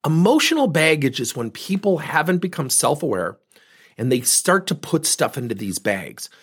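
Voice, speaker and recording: A middle-aged man gives a motivational business talk with a slightly husky voice. His pitch swings widely as he leans on his points. His delivery is direct and emphatic, and he repeats lines for stress. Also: big pitch swings, normal speed, a bit bright. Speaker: business speaker.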